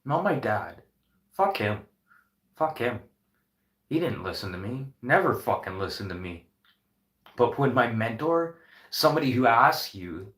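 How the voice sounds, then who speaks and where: A man's voice: medium pitch, sing-song, unhurried, pauses often, fairly bright tone. Earnest, profane man in an echoey room. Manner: earnest, heavy swearing, impassioned. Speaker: restaurant owner. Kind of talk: unscripted motivational vlog talk.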